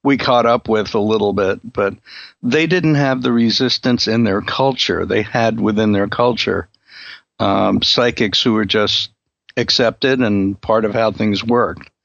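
Older gravelly man hosting an interview. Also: on the low side, no room sound. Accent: New York. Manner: relaxed, joking, halting with fillers. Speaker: interview host. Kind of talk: casual chat. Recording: dull lo-fi dry sound.

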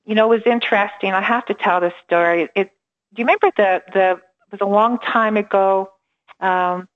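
A middle-aged woman telling a personal story in an animated way, slipping into voices for the people she quotes and laughing as she goes. Her pitch sits mid-range for a woman. The sound is dull and lo-fi, like audio from an online call. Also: normal speed. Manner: lively storyteller who acts out quoted dialogue and laughs often. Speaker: empowerment coach, guest. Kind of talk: storytelling in a remote interview.

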